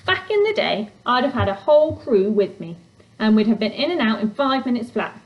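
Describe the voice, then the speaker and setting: A woman's voice: a little high, sing-song, a little fast, dull audio. A woman doing a grumpy little creature. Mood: snappish. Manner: snappish, grumbling, impatient. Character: grumpy short old male trackside creature. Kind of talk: storybook reading.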